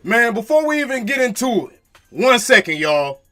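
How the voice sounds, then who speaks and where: High, bright-voiced exasperated fan. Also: male voice, big pitch swings, normal speed. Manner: exasperated, drawn out. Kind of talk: fan reaction commentary.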